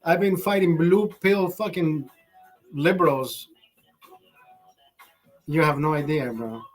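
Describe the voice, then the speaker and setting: A man's voice: fairly high pitch, slow pace, soft background music. Profane ranting man from Honduras. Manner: profane, ranting, switches between English and Spanish. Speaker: livestream host. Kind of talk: casual livestream chat. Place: Los Angeles, California.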